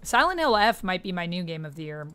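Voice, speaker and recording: A young woman with a Canadian accent chatting casually to her viewers while playing a game live, reading out chat and filling pauses with "uh" and "like". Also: fairly low pitch, sing-song, sharp tone, smooth. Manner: chatty, reads chat aloud, frequent fillers. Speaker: streamer. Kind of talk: live-stream gameplay chat.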